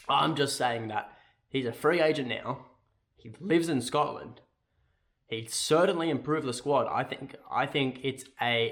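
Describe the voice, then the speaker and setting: A man's voice: medium pitch, fairly bright tone. A young Australian man giving his casual opinions in a football fan vlog, rambling and correcting himself as he goes. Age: young adult. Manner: rambling, self-correcting, keeps asking "right?".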